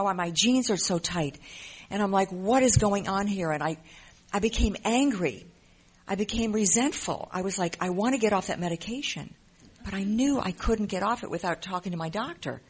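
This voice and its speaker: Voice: medium pitch, lively intonation, moderate pace, breathy edge. A speaker giving an earnest, emotional personal testimony in a recovery program, often repeating phrases. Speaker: member sharing in a recovery program.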